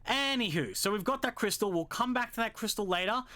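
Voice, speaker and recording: A man giving a chatty walkthrough of a puzzle game, thinking out loud as he goes. His voice sits high and sounds bright and forceful, and he slips in joking asides. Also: animated, brisk. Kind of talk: casual gameplay commentary.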